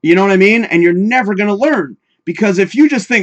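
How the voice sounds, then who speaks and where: A man's voice: high voice, big pitch swings, fast, few pauses. A man hosting a live talk show in casual, rambling chat, swearing freely and talking straight to his viewers.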